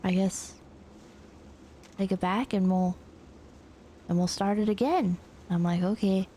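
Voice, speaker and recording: A woman streamer telling a story in a rambling, animated way with casual swearing. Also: mid-range voice, a little slow, a little hiss or hum.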